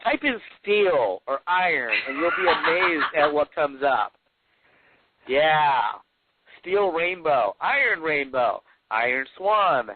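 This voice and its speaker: A man's voice: fairly high pitch, lively intonation, slow, a little hiss or hum. A man, the author guest, chatting casually and reading excerpts aloud with folksy, rambling asides. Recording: dry tinny phone-like line.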